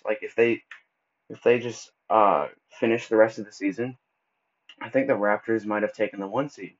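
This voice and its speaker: A man hosting a casual solo podcast, talking loosely and stumbling over words as he goes, with relaxed slang. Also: on the low side. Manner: casual, stumbles and restarts often; laid-back slang like bro and dude. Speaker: podcast host. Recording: dull lo-fi recording.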